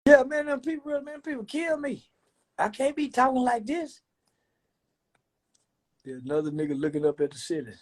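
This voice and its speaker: A man with a husky, breathy voice rants on a casual livestream. He talks loud and profane, preaching hard one moment and clowning the next, and shouts at times. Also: very high voice, expressive, moderate pace, long pauses. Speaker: livestream host.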